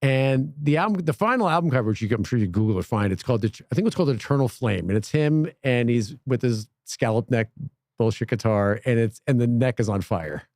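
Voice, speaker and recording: A man's voice: mid-range voice, a little fast, dry recording, studio quality. A man, a podcast guest, telling a long story in casual chat, acting out the voices of the people in it. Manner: animated, acts out quoted voices.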